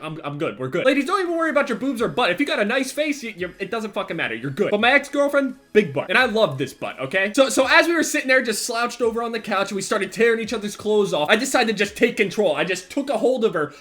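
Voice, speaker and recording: A young man tells a comedic story straight into his camera, with a fairly high voice. The delivery is bright and forceful, animated and blunt, with plenty of swearing. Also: quick pace, hardly any pauses. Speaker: vlogger.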